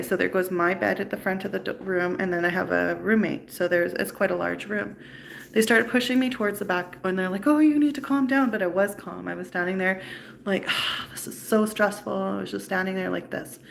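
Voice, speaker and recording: Gravelly-voiced woman, bitter storytelling. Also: mid-range voice, a bit bright, slight background noise. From Canada. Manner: upset, bitter, recounting events. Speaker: livestream host. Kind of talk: personal storytelling livestream.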